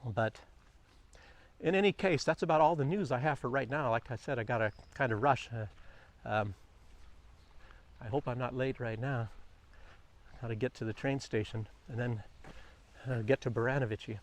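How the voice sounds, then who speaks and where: A man vlogging outdoors on a quiet morning walk, chatting loosely about the news, meandering and often chuckling. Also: mid-range voice, normal speed, pauses often. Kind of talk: rambling commentary on the news.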